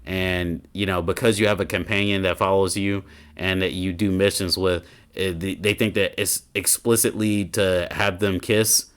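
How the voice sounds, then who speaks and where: A man's voice: sits low, flat delivery, moderate pace, fairly bright tone, clear, resonant tone. A man doing a casual reaction commentary as a gaming YouTuber, ranting and swearing in an exasperated way.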